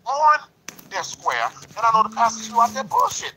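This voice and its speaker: A man's voice: sits high, huge pitch swings, fairly quick, sharp tone, slight background noise, low-quality recording. A man in a lodge discussion talking in a preachy, emphatic way, repeating himself and leaning on "you know". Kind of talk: passionate casual discussion.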